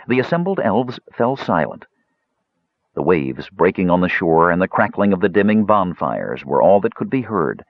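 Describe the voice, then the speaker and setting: A man reading a fantasy novel aloud as an audiobook narrator, with expressive storytelling. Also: deep voice, moderate pace, no echo, muffled recording.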